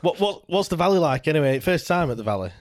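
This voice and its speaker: A man's voice: a little high, big pitch swings, fast, dry recording, studio quality. A man, co-hosting a football podcast, chatty and full of tag questions like "to be fair". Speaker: podcast co-host. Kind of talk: casual football chat.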